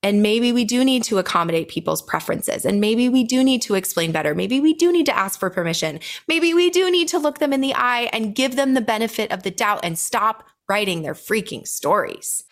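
A woman's voice: fairly high pitch, animated, fairly quick, few pauses. Passionate woman birth coach talking. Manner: passionate, emphatic storytelling. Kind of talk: casual podcast chat.

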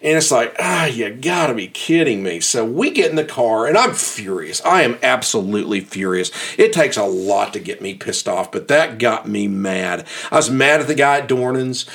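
A man telling a personal story in a casual, animated and exasperated way, often restarting his sentences. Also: mid-range voice, normal speed, vocal fry, hardly any pauses.

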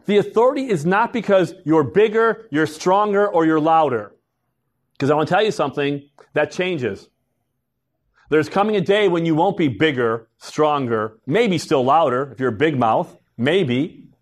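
Male pastor, middle-aged, slightly high voice, chatty sermon delivery that slips into quoted voices. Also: lively intonation, normal speed. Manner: conversational preaching, acting out quotes of parents and kids.

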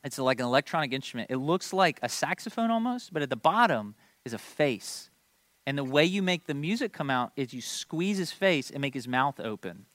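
A man's voice: mid-range voice, very animated, brisk, a bit bright, dry recording. A man in his thirties preaching a sermon, telling a family story with playful asides to the congregation. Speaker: pastor.

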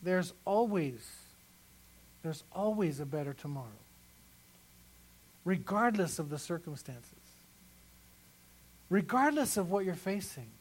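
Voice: mid-range voice, lively intonation, slow, pauses often, rough recording. Conversational pastor preaching a sermon. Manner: conversational, repeats phrases for emphasis.

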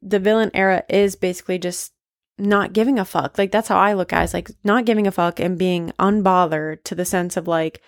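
A woman's voice: fairly low pitch, steady tone, brisk, no echo, clean studio sound. A woman hosting a casual solo podcast, talking candidly and emphatically with frequent swearing and lots of "like" fillers. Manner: emphatic, confessional. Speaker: podcast host.

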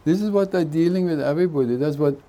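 A man speaking as a spiritual teacher at a retreat, giving an unhurried satsang talk with jokes and chuckling between his thoughts. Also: on the high side, mellow. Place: retreat hall.

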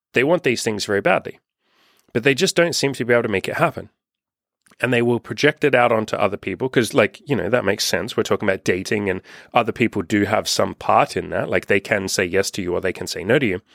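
Frank, low-voiced man coaching. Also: fast, creaky, fairly bright tone, no room sound, clean studio sound. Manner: frank and profane, acts out his own inner questions. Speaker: life coach. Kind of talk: casual self-help monologue.

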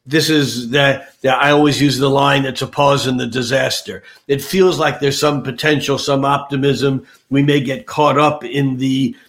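An older man, an astrologer on a podcast, talking casually with many fillers and restarts. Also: mid-range voice. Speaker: astrologer guest.

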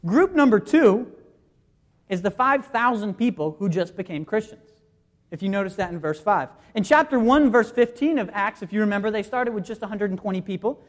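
A preacher in the middle of a sermon, guiding the congregation through scripture verse by verse. The voice sits at an ordinary middle pitch and explains carefully, often stopping to ask rhetorical questions before answering them. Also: lively intonation, normal speed. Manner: guides listeners through scripture references.

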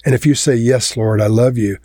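A man's voice: fairly even intonation, brisk, warm tone, dry recording. Male preacher, conversational sermon delivery, dry close-mic sound. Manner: conversational, lifts pitch for quoted lines.

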